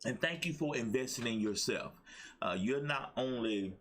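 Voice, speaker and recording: A man hosting a live-streamed motivational show, preaching with excitement, repeating his lines for emphasis and greeting viewers by name. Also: medium pitch, normal speed. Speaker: host of a daily motivational show.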